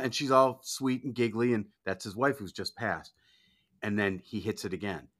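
Male co-host, lowish voice with a bright, forceful edge, reflective, asks probing questions. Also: normal speed. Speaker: podcast co-host. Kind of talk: casual chat.

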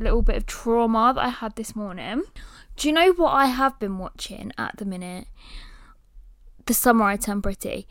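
A woman hosting a podcast, telling a story in a lively, animated way and sometimes cooing at her dog. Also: a little high, no room sound, studio quality. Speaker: podcast host.

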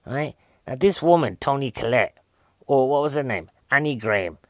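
A man's voice: medium pitch, animated, moderate pace, no room sound. A man giving a rambling, comic recap of a film, full of rhetorical questions. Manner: rambling, chatty, keeps asking "right?" and rhetorical questions. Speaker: film reviewer.

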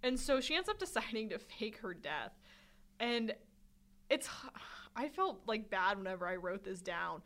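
Bright, lively woman chatting about a film. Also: mid-range voice, measured pace. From Swedish. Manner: chatty, laughs often, retells scenes with quoted lines. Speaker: podcast co-host. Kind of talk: casual film discussion.

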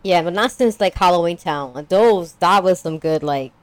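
A woman's voice: on the low side, moderate pace, dry recording. Young woman, podcast co-host, casual recap, rambling, dry close sound. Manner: rambling, lots of "like", acts out characters.

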